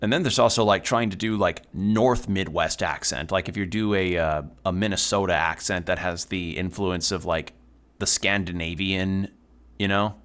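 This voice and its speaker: A young man with a slightly low voice talks through his game stream in a loose, rambling way. He drifts between chatter and reactions to play, dropping frequent swear words. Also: moderate pace, a bit bright. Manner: rambling, swears often while playing. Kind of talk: casual let's-play commentary.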